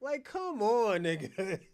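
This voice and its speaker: High-voiced man ranting profanely. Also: big pitch swings, takes it slowly, darkish tone. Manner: profane, combative, addresses chat directly; mocking, laughs between jabs. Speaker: channel host. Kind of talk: livestream rant.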